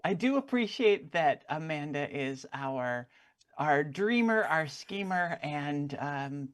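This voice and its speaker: A woman co-hosting a comedy podcast, dryly teasing and steering the topics. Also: low voice. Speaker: podcast co-host. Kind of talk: casual comedic chat.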